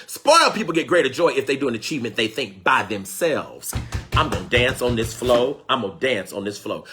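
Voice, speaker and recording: A man's voice: mid-range voice, sharp tone, breathy edge. A man teaching in a fervent sermon style, calling out to his listeners, repeating phrases for emphasis and pleading to God. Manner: preacherly call-and-response, exclaiming and pleading to God. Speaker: spiritual teacher.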